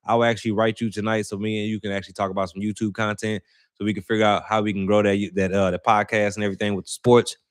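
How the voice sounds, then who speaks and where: Rambling St. guy, low voice. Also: flat delivery, quick pace, clear, resonant tone. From St. Louis, Missouri. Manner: rambling, slangy, self-correcting. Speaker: channel host. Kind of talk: casual livestream chat.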